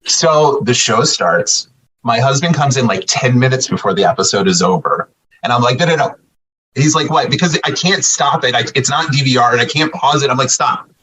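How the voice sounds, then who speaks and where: Husky-voiced man telling a lively story. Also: medium pitch, fairly quick, rough recording. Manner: animated storyteller acting out quoted exchanges. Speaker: podcast guest. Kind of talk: casual storytelling.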